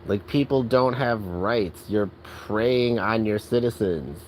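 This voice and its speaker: A man's voice: lowish voice, slow pace, slight background noise, low-quality recording. A man ranting angrily and profanely in a casual vlog, exasperated and full of filler words. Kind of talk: angry rant.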